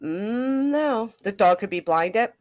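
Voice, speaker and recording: A middle-aged woman hosting a casual reaction chat, chatty and animated, swearing casually. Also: medium pitch, takes it slowly. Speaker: commentary host.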